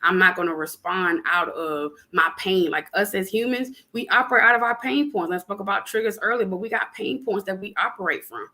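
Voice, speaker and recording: A young adult woman in casual spiritual chat on a podcast, animated and preachy, talking plainly with lots of fillers. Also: mid-range voice, fairly quick, few pauses. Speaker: podcast guest.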